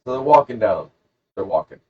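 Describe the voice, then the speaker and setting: Man, podcast co-host, low voice, lively intonation, rambling jokey storytelling, dull lo-fi sound. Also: fairly quick, husky. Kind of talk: casual podcast chat, storytelling.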